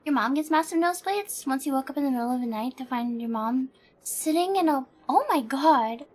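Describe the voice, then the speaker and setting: Young woman streamer, high voice, casual rambling chat, swears and laughs a lot. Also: lively intonation, fairly quick, a little mellow. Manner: plays a bug persona in her talk.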